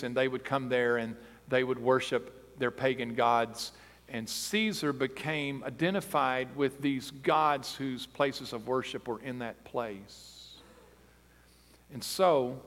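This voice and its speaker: A man delivers a sermon, his voice sitting somewhat high for a man. He drives his point home with loud, insistent emphasis, and long reverb from a big sanctuary trails behind him. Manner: emphatic, rising to loud intensity on key phrases. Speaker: pastor.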